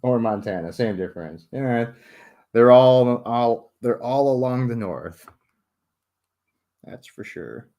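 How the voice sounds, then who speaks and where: A man's voice: mid-range voice, lively intonation, takes it slowly, lo-fi sound. A young man chatting casually with viewers while he builds a model, joking at his own expense, swearing freely and laughing often. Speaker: livestreamer building a model ship. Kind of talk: casual late-night chat with viewers.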